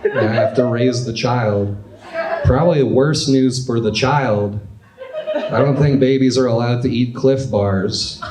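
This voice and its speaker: A young man in his twenties doing a stand-up comedy set with a dry, deadpan delivery in a club. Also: medium pitch, a little slow, very noisy. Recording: echoey club with audience laughter. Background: crowd laughter.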